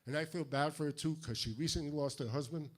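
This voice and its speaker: An older man from Fall River with a New England accent, doing a stand-up routine of deadpan one-liners with punchy timing. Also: a little high, fast talker. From Fall River, Massachusetts. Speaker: stand-up comedian. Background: audience laughter.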